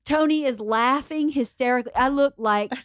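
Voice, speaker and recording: A woman hosting a podcast, telling a story in a lively, laughing way. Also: high-pitched, moderate pace, dry recording, studio quality. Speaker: podcast host. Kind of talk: casual storytelling chat.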